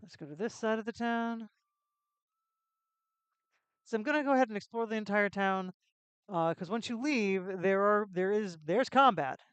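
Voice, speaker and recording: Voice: medium pitch, moderate pace, pauses often, a bit bright, clean tone, no echo. A chatty game streamer talks through a retro adventure game, reading text aloud and tossing out joking asides. The voice sits mid-range and is recorded close and dry. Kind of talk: casual let's-play commentary.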